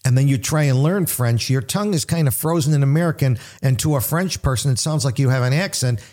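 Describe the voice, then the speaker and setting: A man's voice: medium pitch, fast talker, a little mellow. A man hosting a casual radio talk, explaining in a teacherly way.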